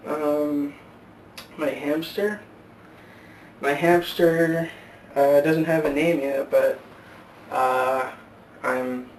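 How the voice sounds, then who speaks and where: A man's voice: mid-range voice, gravelly, a little mellow. Rambling man telling a joke, echoey room. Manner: halting, rambling, many fillers and restarts. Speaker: vlogger. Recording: roomy echo, far from mic, faint hiss.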